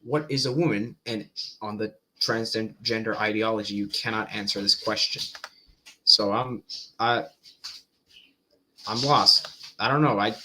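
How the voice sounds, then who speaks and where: Guy reacting to a debate video, really bright sharp voice, keeps stumbling and repeating himself. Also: fairly low pitch. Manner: halting, repeats words, thinks aloud, exasperated asides. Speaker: commentator reacting to a debate clip. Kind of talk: casual reaction commentary.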